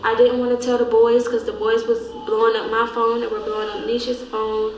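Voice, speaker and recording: A woman's voice: fairly high pitch, monotone, soft background music. Grieving young woman in an echoey room. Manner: halting, grieving, trails off softly. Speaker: vlog host. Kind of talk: emotional storytelling.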